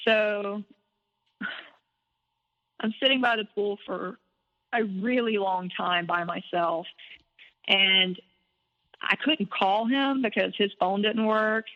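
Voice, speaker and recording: A woman guest telling a personal story in an animated, candid way, with some swearing. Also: medium pitch, takes it slowly, long pauses. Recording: dull lo-fi audio with long reverb.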